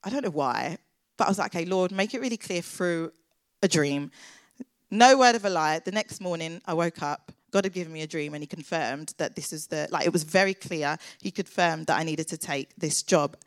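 A woman's voice: low voice, fairly quick, no room sound. Woman in her twenties, church worker, chatty testimony, dry close sound. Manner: earnest, chatty, lots of filler "like"s. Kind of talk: personal faith testimony.

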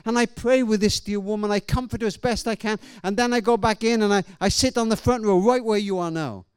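A man's voice: sits high, a little fast, clean tone, no room sound. Middle-aged man preaching. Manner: storytelling, swings from loud to hushed. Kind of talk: sermon. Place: church hall or event venue.

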